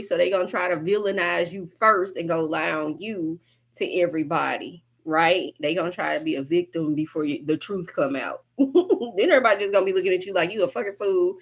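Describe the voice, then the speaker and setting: A woman hosting a casual tarot-reading livestream, with a mid-range pitch that is typical for a woman. She talks bluntly and chattily straight to her viewers, swears freely and laughs often. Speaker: tarot reader.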